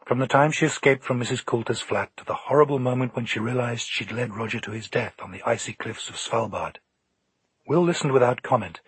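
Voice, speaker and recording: A man narrating an audiobook in a calm, measured storytelling manner. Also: medium pitch, slightly rough, dry recording.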